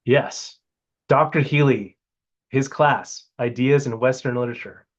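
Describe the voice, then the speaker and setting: A man's voice: mid-range voice, a little slow. A man in his fifties from Hawaii, speaking in a casual, reflective interview and often restarting his sentences. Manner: hesitant, many restarts and fillers. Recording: muffled lo-fi recording.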